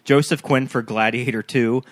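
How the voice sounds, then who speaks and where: A man hosting a casual podcast chat, animated and quick as he announces each category. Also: mid-range voice. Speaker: podcast host.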